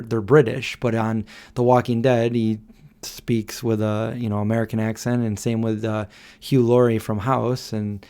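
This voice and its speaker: A man's voice: mid-range voice, warm tone, clear, resonant tone. A man in his thirties hosting a casual late-night livestream at home, chatting loosely and reading out viewer comments. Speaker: livestream host.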